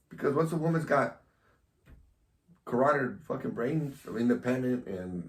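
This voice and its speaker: A man's voice: medium pitch, expressive, moderate pace, pauses often, recorded from a distance. A man hosting a loose, casual chat, teasing and provocative with frequent laughs. His voice rises and falls a great deal. He sounds set back from the mic in an echoey room. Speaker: host.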